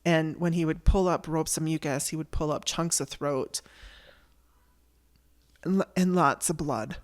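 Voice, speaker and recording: A woman's voice: deep voice, steady tone, unhurried. A woman telling a personal story on her podcast, in a candid and conversational way. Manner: candid, conversational, with restarts and blunt language.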